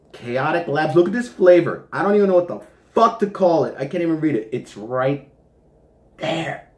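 A man's voice: on the high side, animated, moderate pace, reverberant. A man reviewing a supplement in a casual vlog from his home kitchen, joking and swearing as he rambles.

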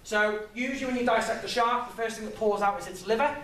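A man's voice: high-pitched, fast, a bit bright. A young man giving a public talk in a chatty, laughing, self-deprecating way. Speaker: guest speaker. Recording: echoey room, voice from far off.

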